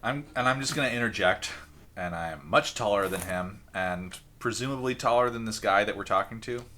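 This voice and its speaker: A low-voiced man with a gruff drawl and a bright, forceful edge to his voice. He sits back from the mic, and faint noise hangs under his speech. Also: brisk. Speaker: player. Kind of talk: casual tabletop play.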